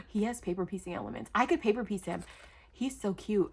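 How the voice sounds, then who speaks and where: A woman's voice: mid-range voice, animated, fairly quick, creaky, darkish tone, slight background noise. A middle-aged woman vlogging a craft-mail unboxing, gushing and exclamatory as she talks to her viewers. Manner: gushing, exclamatory, addresses viewers as "you guys". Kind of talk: excited unboxing chat.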